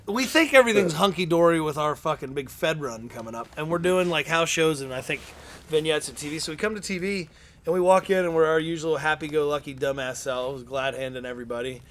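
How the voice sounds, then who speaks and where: Brief: middle-aged male wrestler, high bright voice, salty casual storyteller. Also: a little fast. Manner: profane, animated anecdote-telling. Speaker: guest wrestler.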